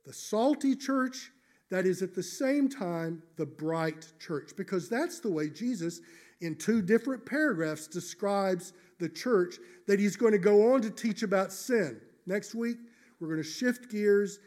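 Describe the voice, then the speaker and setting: A male pastor preaching a sermon in church, measured and emphatic, slowing down on key phrases. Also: high-pitched, lively intonation, darkish tone.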